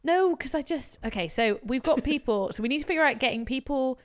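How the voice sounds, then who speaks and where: A woman co-hosting a chatty podcast, talking at a quick clip. She is blunt and animated and keeps acting out both sides of her stories. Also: sits high. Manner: blunt, animated storytelling with quoted dialogue and swearing. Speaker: podcast co-host. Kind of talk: casual chat.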